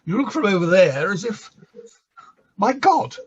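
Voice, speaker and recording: An actor playing a tipsy, flirtatious bishop who fusses and quotes scripture. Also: male voice, high voice, very animated, unhurried, a little hiss or hum. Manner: fussy, camp, quoting scripture. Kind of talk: comic stage play reading. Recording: dull lo-fi recording.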